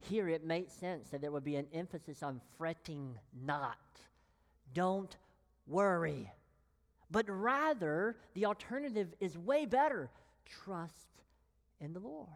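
A woman preaches a sermon in a fairly low voice, lingering on every phrase. She leans on long pauses and lets key words fall to a whisper. Her voice carries with a long reverb, as in a church hall. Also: animated. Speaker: pastor.

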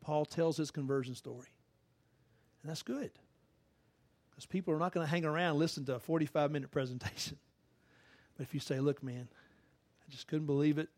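A middle-aged pastor delivers a relaxed, chatty sermon, often laughing and acting out the quotes he tells. His voice sits a little high for a man. The sound is dry and close. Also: brisk, pauses often, no room sound.

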